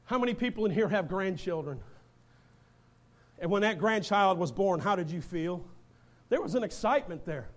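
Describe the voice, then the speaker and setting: A man preaching a fervent sermon in a church, building from reading scripture to shouting exhortation. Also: high-pitched, lively intonation, moderate pace, pauses often.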